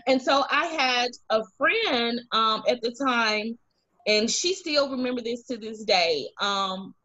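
Speaking slowly in a slightly high, sharp voice, an Alabama woman gives personal testimony as a guest in an interview. She is earnest and voices the other people in her story. It's recorded over a video call with dull, low-fidelity sound.

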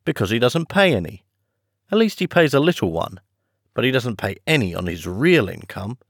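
A man's voice: mid-range voice, big pitch swings, normal speed, no room sound, studio quality. A man voicing a boastful, scornful rich teenage schoolboy in a storybook reading. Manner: scornful, confiding.

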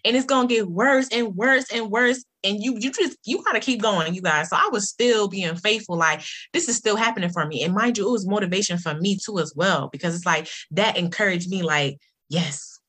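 A woman telling a personal story to her viewers in a casual, animated way, repeating phrases for emphasis and speaking straight to her audience. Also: mid-range voice, brisk, breathy edge. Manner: animated, emphatic, keeps addressing listeners directly.

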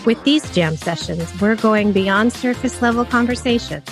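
A woman reads a scripted podcast intro in a steady, announcing voice. Clear music plays under her voice throughout. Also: a little high, normal speed. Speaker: podcast co-host.

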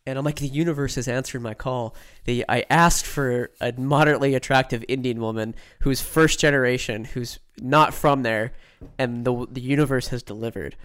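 A young man with a smooth, clear voice at an ordinary middle pitch, co-hosting a casual podcast. He rambles through a long personal story, leaning on "like" and "right?" and slipping into other people's voices when he quotes them. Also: moderate pace, few pauses, a bit bright. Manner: rambling, peppers sentences with "like" and "right?"; acts out quoted voices while telling stories. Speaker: podcast co-host.

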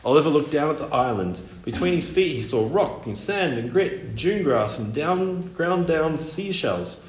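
Lively man reading a storybook. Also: a little high, moderate pace. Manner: expressive, lively narration. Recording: echoey room, faint hiss.

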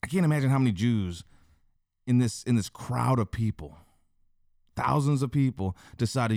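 A man giving casual, excitable Bible commentary full of slang and asides. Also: medium pitch, normal speed, creaky, long pauses, no room sound, clean studio sound.

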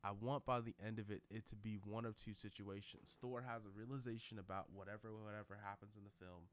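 A man's voice: lowish voice, steady tone, fairly quick. A man vlogging in a casual, rambling way, with lots of fillers and restarts. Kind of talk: casual commentary vlog.

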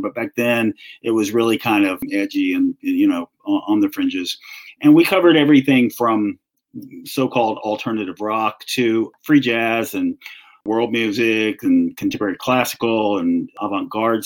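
A man's voice: lowish voice, low-quality recording. Southern man telling his story. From North Carolina. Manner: relaxed storytelling with frequent restarts. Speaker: author and music journalist. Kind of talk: conversational interview answer.

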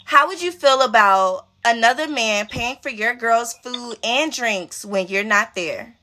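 Bright, animated young woman host. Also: on the high side, measured pace. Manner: animated, acts out dialogue in different voices. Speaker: radio show host. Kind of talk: casual storytelling chat.

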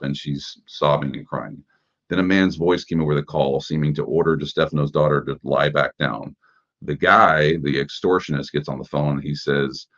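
Male host with an extremely low voice, chatty commentary full of rhetorical questions, dull lo-fi recording. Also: fairly even intonation, normal speed, a bit bright. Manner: conversational, rhetorical questions, frequent fillers. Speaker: podcast host. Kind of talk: casual news commentary. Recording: dull lo-fi sound.

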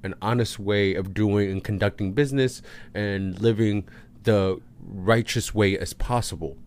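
A man with a raspy, hoarse voice from a cold, co-hosting a casual podcast chat, jokey and animated. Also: fairly low pitch, a little slow, slight background noise. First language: English not first language. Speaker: podcast co-host.

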